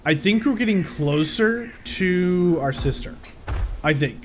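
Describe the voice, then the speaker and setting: A man talks through a video game, cracking jokes and jumping into yelps when things go wrong. His voice sits a bit on the high side. A steady hiss of noise runs under the recording. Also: takes it slowly. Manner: jokey, excitable reactions with sudden yelps. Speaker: gameplay commentator. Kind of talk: let's-play commentary.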